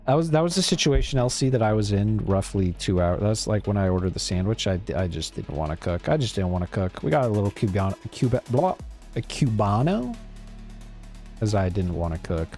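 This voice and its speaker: A man's voice: fairly low pitch, very animated, a little fast, a little mellow, soft background music. A man casually rambling to his chat while streaming a game, laid-back and swearing now and then. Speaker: live streamer. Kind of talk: casual gameplay commentary talking to chat.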